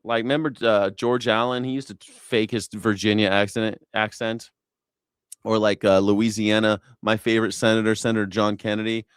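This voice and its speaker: A man's voice: fairly low pitch, flat delivery, normal speed, clean tone, no room sound, studio quality. A man hosting a news reaction show, talking in a profane, sarcastic, rambling way. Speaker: host.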